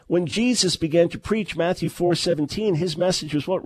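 A man's voice: high voice, normal speed, husky, dry recording. A middle-aged man preaching a sermon, emphatic and full of rhetorical questions, often restarting his words. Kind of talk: sermon-style teaching.

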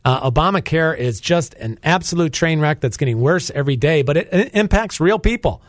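A man's voice: on the high side, lively intonation, a little fast, no room sound, studio quality. A man, hosting Christian talk radio in a fired-up, preachy and emphatic way. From North Carolina. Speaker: guest radio host. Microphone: studio microphone.

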